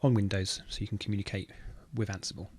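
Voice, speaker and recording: A man's voice: on the low side, quick pace, slightly rough. A man casually talking through a technical walkthrough on his computer, thinking aloud as he works. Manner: relaxed, thinking aloud while typing. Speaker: automation engineer teaching a tech tutorial. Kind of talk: casual screen-recorded walkthrough.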